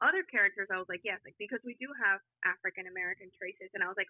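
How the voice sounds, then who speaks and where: A woman calling in to a chat show over a tinny phone line, talking casually about her experiences. She speaks in a middle pitch, often pausing and restarting, and the sound is dry and narrow. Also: no echo. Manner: laughing, hesitant. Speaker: guest calling in. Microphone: phone call.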